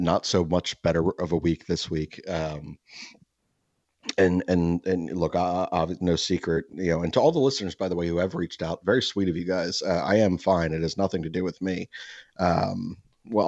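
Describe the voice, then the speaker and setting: A man's voice: sits low, a little mellow, no echo, dull audio. A man hosting a podcast, telling long, profane, rambling stories full of restarts and asides. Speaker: podcast host. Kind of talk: casual podcast chat.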